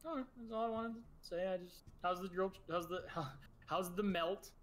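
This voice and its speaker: A man voicing a friendly, scrappy teenage superhero boy in a tabletop game, rambling and quick to argue. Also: high-pitched, a bit bright, pitched above the performer's own voice. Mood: earnest. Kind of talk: in-character tabletop role-play.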